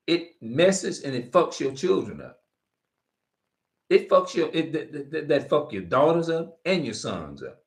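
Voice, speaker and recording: A man preaching informally to camera, reading verses and repeating his points with heavy profanity. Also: fairly high pitch. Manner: emphatic, profane, repeats himself. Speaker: street preacher.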